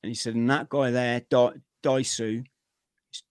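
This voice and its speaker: A middle-aged man, a podcast guest, telling his own story in a vivid, energetic way with plenty of slang. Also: medium pitch, a little slow, clear, resonant tone, no echo, clean studio sound. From Britain. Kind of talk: personal storytelling in an interview.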